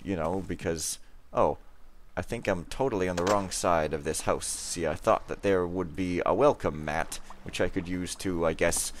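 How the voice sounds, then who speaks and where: A man's voice: deep voice, normal speed, hardly any pauses, slight background noise. A man giving casual let's play commentary, rambling with self-mocking, jokey asides.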